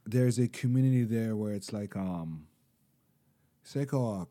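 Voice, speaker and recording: A man co-hosting a podcast, telling stories in casual chat and acting out quotes. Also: measured pace. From Canada. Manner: animated storytelling, acts out quotes in higher voice. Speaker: podcast co-host.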